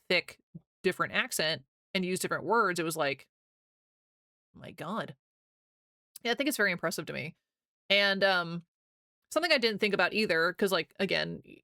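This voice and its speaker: A woman's voice: fairly low pitch, pushed and bright, no room sound, studio quality. A young American woman streaming live, chatting casually with her viewers, rambling and laughing often as she reads chat aloud.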